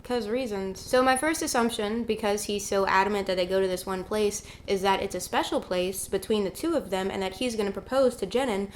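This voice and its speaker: A woman talks through the plot of a terrible movie like she is chatting with a friend. Her humor is dry and sarcastic, and she drops deadpan jokes between plot points. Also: mid-range voice, brisk, hardly any pauses, slight background noise. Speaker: writer reviewing bad movies. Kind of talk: casual comedic movie recap.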